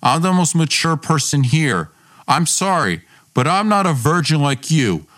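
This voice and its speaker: A man's voice: a little high, very animated, a little slow, a bit bright. A man reading the lines of a hot-tempered, domineering young man in a story podcast, blunt, scornful and swearing. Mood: dismissive. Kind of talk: read dialogue in a story podcast.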